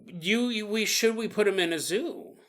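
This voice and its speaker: High-voiced and a bit bright, this man speaks at normal speed as host of a paranormal podcast. His monologue is comedic riffing, full of frequent laughter and little acted-out scenes.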